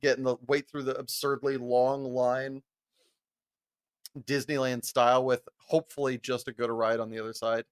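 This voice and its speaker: A young man co-hosting a podcast, telling a long, profane, animated story and often breaking into laughter. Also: mid-range voice, moderate pace. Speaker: podcast co-host. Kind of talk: casual storytelling chat.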